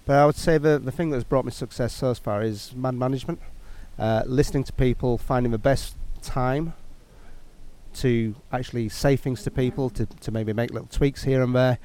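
A man's voice: mid-range voice, normal speed, warm tone. A middle-aged man, a cricket coach, reflecting on his career in a casual interview. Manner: reflective, storytelling.

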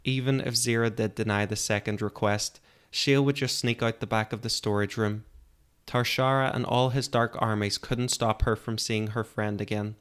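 A man with a low, smooth and resonant voice narrates a fantasy story. His reading is calm and measured, in a steady audiobook style.

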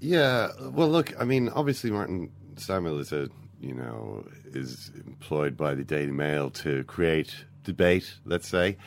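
A man's voice: a bass voice, big pitch swings, a little slow, vocal fry, hardly any pauses. A man hosting a casual football discussion podcast, talking in a rambling way with many fillers and restarts. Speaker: podcast host.

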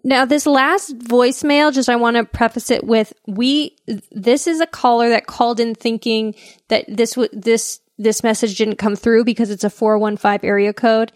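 Slightly high woman podcast co-host. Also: steady tone, normal speed, no echo, clean studio sound. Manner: talkative, restarts sentences. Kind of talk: casual podcast chat.

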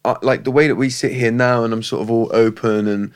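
A man, a podcast co-host and coach, explaining ideas in a quick, animated, casual chat. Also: medium pitch, smooth. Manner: fast, animated talker, explaining with examples.

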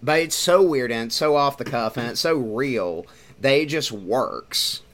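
A man hosting a casual podcast, reviewing a film in animated talk full of fillers. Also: medium pitch, unhurried. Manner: animated, talks through with fillers. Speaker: podcast host. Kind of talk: casual movie review chat.

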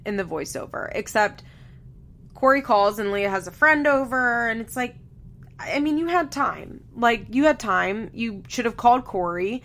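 A woman's voice: fairly high pitch, unhurried, fairly bright tone. A young woman hosting a podcast, chatting casually and with strong opinions, often laughing and saying "like". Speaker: podcast host recapping a reality show. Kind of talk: casual recap chat.

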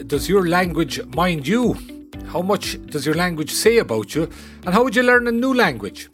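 An older Irish man hosting a podcast interview, asking lively, self-deprecating questions. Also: on the high side. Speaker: podcast host. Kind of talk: conversational interview.

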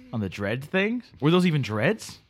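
Podcast cohost guy, teasing and jokey, fairly high voice that swings around a lot. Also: sing-song, measured pace, slightly rough. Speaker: podcast co-host. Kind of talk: casual podcast chat.

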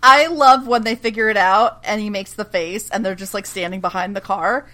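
A woman's voice: mid-range voice, fairly even intonation, moderate pace, sharp tone. A woman co-hosting a podcast, recapping a TV episode in casual chat, laughing often and swearing freely.

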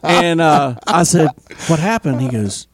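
A man's voice: fairly high pitch, a little slow. A man co-hosting a podcast in casual chat, telling stories with lots of acted-out quotes. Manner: animated storyteller who acts out quotes. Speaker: podcast co-host.

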